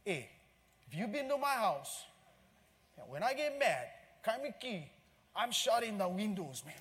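High-voiced, animated preaching man. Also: a little slow. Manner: animated, exclamatory, swings between shouting and hushed asides. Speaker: pastor. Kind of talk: sermon. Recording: long hall reverb, faint room ambience.

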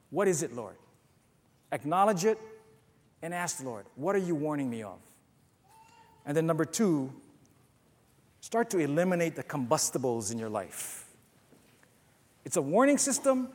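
Male pastor, high voice, sermon in a big reverberant church hall, storytelling delivery. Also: darkish tone. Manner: preacher telling stories and reading scripture aloud.

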